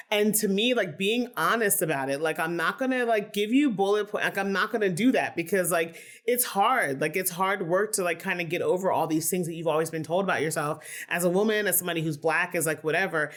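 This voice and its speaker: A woman from Philadelphia, a podcast guest talking candidly and casually, with many "like"s and an animated, open way of speaking. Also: lowish voice. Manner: candid, animated, heavy use of "like". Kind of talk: casual conversation.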